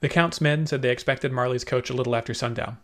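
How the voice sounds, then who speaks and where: A man's voice: mid-range voice, fairly even intonation, quick pace, a bit bright, close to an everyday voice. A man voicing a polite, earnest young male servant in an audiobook. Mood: explaining.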